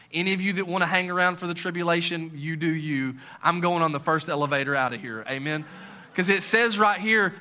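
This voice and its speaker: Delivering a sermon, this middle-aged pastor has a slightly high voice. His lines shift from quiet and intimate to loud and excited, with jokes tossed in along the way.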